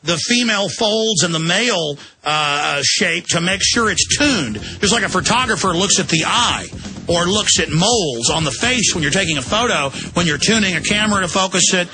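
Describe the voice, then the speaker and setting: A man's voice: high-pitched, lively intonation, normal speed, sharp tone, husky, faint music behind. A man hosting a talk radio show, speaking emphatically and in an agitated, rambling way. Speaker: radio host.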